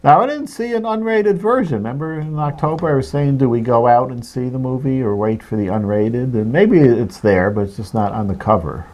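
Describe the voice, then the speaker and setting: A man's voice: medium pitch, lively intonation, brisk, hardly any pauses, a little mellow. Easygoing laughing male co-host. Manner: easygoing, laughs often, trails off mid-thought. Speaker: co-host of a media show. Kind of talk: casual chat about movies.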